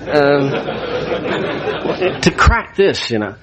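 Animated priest telling his story. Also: on the high side, extremely slow, over a noisy crowd. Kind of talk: personal storytelling, recovery testimony.

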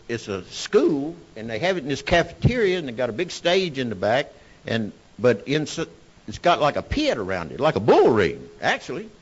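A man with a drawl speaks his testimony with wild swings in pitch, dropping nearly to a whisper and then climbing into hollering. The recording sounds muffled and lo-fi. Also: husky. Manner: Southern-style storytelling, emotional swings from hushed to shouting. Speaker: speaker sharing recovery story. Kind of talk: personal testimony talk.

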